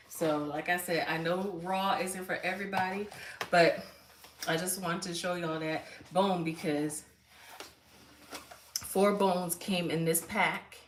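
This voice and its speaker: Older woman, chatty livestream host, lower voice, roomy off-mic phone sound with faint noise behind. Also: a bit bright, recorded from a distance. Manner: chatty, talks straight to viewers. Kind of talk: casual livestream chat.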